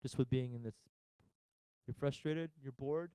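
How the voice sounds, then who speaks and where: A man preaching a sermon as pastor, talking straight to his listeners, asking them questions and pausing for effect. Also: mid-range voice, warm tone, clean tone, no room sound, poor audio. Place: church.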